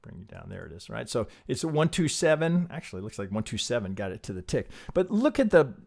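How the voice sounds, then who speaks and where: A man walking viewers through trading charts in a loose, animated way, often breaking off mid-sentence to redraw a line or rethink a point. His voice sits at an ordinary middle pitch, and his talk is full of restarts, asides and the odd casual curse. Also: fast talker, vocal fry. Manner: animated, rambling, self-interrupting, casual swearing. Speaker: trading analyst. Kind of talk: live chart analysis.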